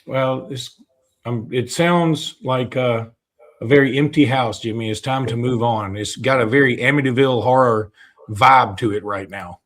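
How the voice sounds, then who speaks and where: A man's voice: mid-range voice, moderate pace, a bit bright. A man from Alabama with a Southern American accent, co-hosting a casual sports talk show in a chatty, self-deprecating way. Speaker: co-host.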